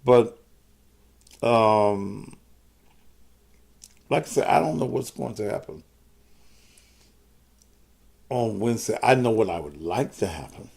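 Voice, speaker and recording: A man's voice: lowish voice, lively intonation, slow pace, gravelly, pauses often, a little mellow. A man hosting his own live stream, talking to commenters in a profane, combative way. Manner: profane, combative, cusses out viewers. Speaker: host of his own show.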